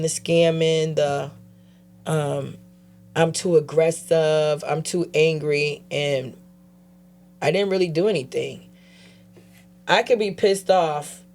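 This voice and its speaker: A woman guest telling her personal story in a casual interview, animatedly acting out other people's voices and dropping quiet when she turns serious. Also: deep voice, slow pace, long pauses. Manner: animated, acts out quoted voices. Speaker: guest, advocate.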